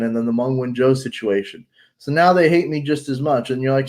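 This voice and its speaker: A man talks in a loose, rambling way, swearing freely and circling back on his words. His voice carries a stuffed-up, allergy-congested sound, and his pitch sits at an ordinary middle level for a man. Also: fairly quick, darkish tone. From United States. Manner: rambling, blunt, profane, many fillers and restarts. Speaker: vlogger. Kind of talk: casual chat.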